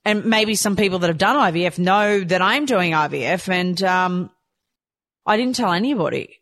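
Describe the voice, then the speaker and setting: A woman's voice: on the low side, moderate pace, dry recording. Woman, 30s, candid personal storyteller, emotional swings, dry close sound. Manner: emotional, candid, swears, swings between quiet and excited. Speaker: vlogger sharing her own story.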